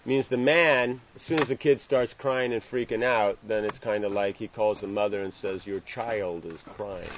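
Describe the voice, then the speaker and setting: A man giving an informal scripture class. He speaks haltingly, restarting phrases and tagging lines with "you know". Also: medium pitch, fairly even intonation. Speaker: religious teacher. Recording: dull lo-fi with faint ambient hiss.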